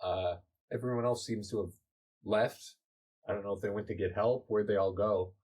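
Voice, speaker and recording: A man hosting a comedy podcast, narrating an improvised story in a relaxed, chatty way. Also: lowish voice, moderate pace, husky. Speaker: podcast host.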